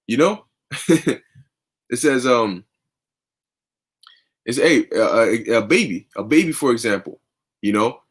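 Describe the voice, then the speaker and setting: A man's voice: mid-range voice, sing-song, takes it slowly, long pauses, slightly rough. A young man teaching scripture in a fervent, conversational way, often tagging sentences with "man" and "okay". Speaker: preacher.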